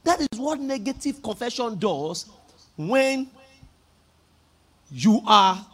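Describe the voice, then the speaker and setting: High-voiced Nigerian pastor preaching emphatically. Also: male voice, very animated, takes it slowly. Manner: emphatic preaching with call-and-response, rising to shouts. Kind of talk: sermon.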